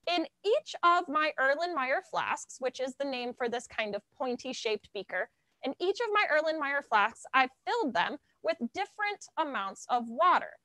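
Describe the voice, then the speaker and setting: A woman teaching a lively live science lesson for children, explaining and demonstrating to viewers at home. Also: moderate pace, no echo. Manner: lively, animated teacher, demonstrates high and low voices. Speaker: science educator. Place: science center.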